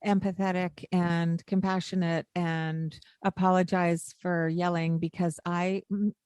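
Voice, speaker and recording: A woman's voice: fairly low pitch, flat delivery, a little slow, clear, resonant tone, no echo, studio quality. A woman co-hosting a parenting podcast, coaching in a casual chat and acting out what to say to a child. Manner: warm, coaching tone with acted-out lines to a child.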